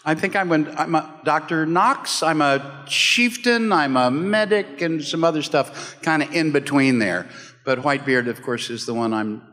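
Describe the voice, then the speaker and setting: A man's voice: on the high side, normal speed, pushed and bright. A man on a convention panel introducing himself with jokey, self-deprecating asides and frequent chuckles. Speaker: voice actor panelist and moderator. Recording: echoey hall with crowd noise. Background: crowd chatter.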